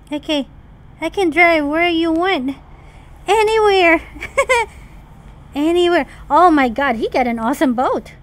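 A woman host talks through her game in casual, excitable commentary. Her voice sits high, and she keeps chattering to the characters on screen in a playful way. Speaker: mom gaming channel host.

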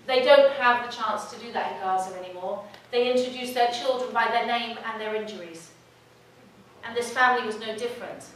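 A woman's voice: fairly high pitch, fairly bright tone. A woman giving a heartfelt personal story talk, speaking earnestly to a gathering. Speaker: guest speaker. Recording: echoey hall, distant mic, faint noise.

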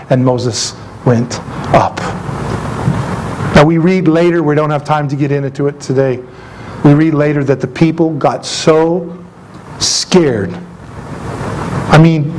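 High, animated man preaching a sermon. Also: slight background noise, rough recording. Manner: animated, emphatic preaching with asides and jokes. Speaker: pastor. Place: church sanctuary.

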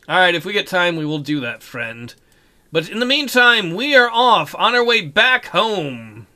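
A man hosting a let's play, chatting casually and cracking jokes as he reads the game text. His voice is high and very bright, with animated swings in pitch. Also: unhurried. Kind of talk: casual gameplay commentary.

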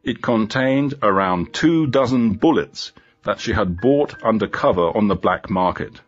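Man, low voice, learner story narration, slow and clear, slightly dull audio, faint music. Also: lively intonation. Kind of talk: graded reader story narration.

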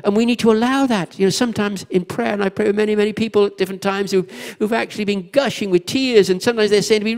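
A man's voice: high-pitched, darkish tone, in a large hall. A man preaching a sermon as a pastor, telling a childhood story and speaking earnestly and reflectively about grief and hope. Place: church.

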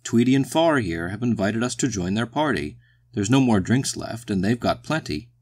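A man voicing a brash, pushy, swearing man in an audiobook story, loud and coarse. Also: fairly low pitch, animated, moderate pace, husky, no room sound, clean studio sound.

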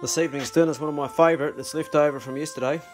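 New farm guy, slightly high voice. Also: fairly even intonation, rapid-fire, loud music behind the voice. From New Zealand. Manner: talks to his dogs and ducks in a coaxing, commanding way. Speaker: vlogger. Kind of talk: casual outdoor vlog.

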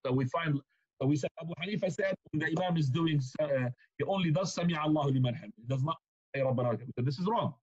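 A man teaching a religious lesson in an animated way, rising sharply in pitch to stress points, with frequent restarts. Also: fast talker, slightly rough. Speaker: Islamic teacher. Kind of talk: religious lecture. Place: mosque lecture room. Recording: muffled lo-fi recording.

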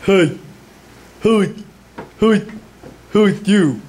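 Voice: mid-range voice, expressive, extremely slow, darkish tone. A performer voicing a blunt, rude male villager who talks with broken grammar, in a comedy skit.

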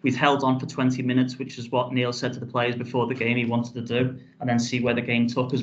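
A man speaks as a guest on a podcast, recounting events casually in a fairly level, even tone. He rambles and restarts his phrases, filling gaps with "um" and "you know". The audio is dull and lo-fi. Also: medium pitch. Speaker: football club chief executive. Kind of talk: casual storytelling in a podcast interview.

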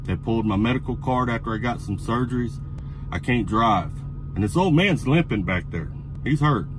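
A middle-aged man telling an angry, profane story about a truck stop that builds into heated yelling. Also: mid-range voice, expressive, moderate pace, background noise. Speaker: truck driver vlogger.

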